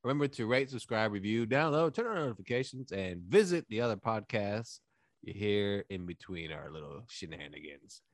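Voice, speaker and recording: A man's voice: on the low side, expressive, moderate pace, no echo, clean studio sound. A man hosting a casual podcast, joking around, swearing and laughing often. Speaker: podcast host.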